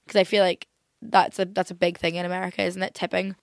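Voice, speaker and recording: A woman's voice: lowish voice, level tone, fast, no room sound, studio quality. A young woman from England, hosting a casual chat podcast and talking chattily with lots of fillers. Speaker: podcast host.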